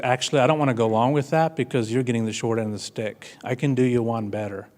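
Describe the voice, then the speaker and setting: A man's voice: medium pitch, a little mellow. Earnest man giving a conference talk. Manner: earnest, storytelling, plainspoken with fillers. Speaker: conference speaker. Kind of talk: keynote talk. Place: conference room before an audience.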